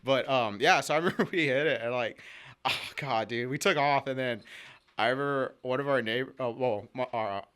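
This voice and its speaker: A man with a bright, forceful voice shares stories from his twenties in relaxed conversation. He laughs through his anecdotes and jumps into quoted voices as he goes, with a casual, unpolished delivery. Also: medium pitch, fairly quick, clean tone. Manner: laughs often, animated retelling with quoted voices. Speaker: podcast guest. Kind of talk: casual storytelling chat.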